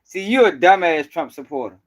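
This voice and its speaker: Host, male, high-pitched voice, confrontational and profane. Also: animated, brisk. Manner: confrontational, profane, slangy, repeats himself. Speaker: host of a news commentary channel. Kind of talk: heated live-stream commentary.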